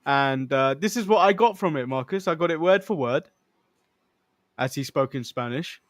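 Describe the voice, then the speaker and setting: A man with a fairly high voice recaps wrestling events in a relaxed, plain way. His voice is recorded dry and close, with no room sound. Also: normal speed, no room sound. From United States. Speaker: podcast co-host. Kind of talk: casual recap of a wrestling show.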